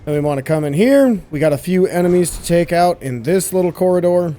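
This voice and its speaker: A hoarse man who has lost his voice, chatting casually through a game walkthrough and teasing the enemies on screen. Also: high-pitched, animated, a little fast, dark tone, a little hiss or hum. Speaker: gameplay walkthrough host.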